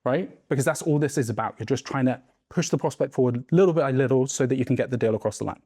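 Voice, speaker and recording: A man's voice: mid-range voice, fast talker, warm tone, breathy edge, no room sound, studio quality. A man coaching a room of business owners on sales, talking emphatically and checking in with "right?" and "okay?". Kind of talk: mastermind teaching talk. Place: room with a group.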